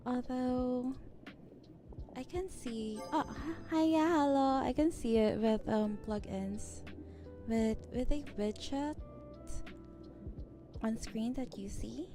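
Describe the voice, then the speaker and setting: Soft, giggly woman streamer, slightly high, very slow, close mic, clear music bed underneath. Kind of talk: soft-spoken ASMR stream chat. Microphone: close ASMR microphone. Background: background music.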